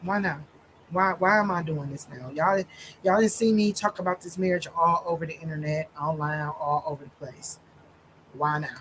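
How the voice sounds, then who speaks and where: A woman minister telling her own story in a slow, deliberate monologue with many pauses and fillers, holding back tears. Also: deep voice, a bit bright, slight background noise, rough recording.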